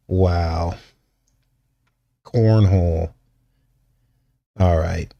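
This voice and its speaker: Male commentary host, lower register, loose and jokey delivery with frequent chuckles. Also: takes it slowly, vocal fry, pauses often, a little mellow. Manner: rambling, joking, chuckles between points. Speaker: channel host. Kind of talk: casual commentary show.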